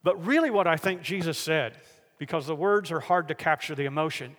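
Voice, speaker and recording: A man preaching a sermon, telling the stories in a lively way and acting out the people in them. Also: a little high, fairly quick, big-room sound. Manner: animated storytelling, acts out the figures in the stories.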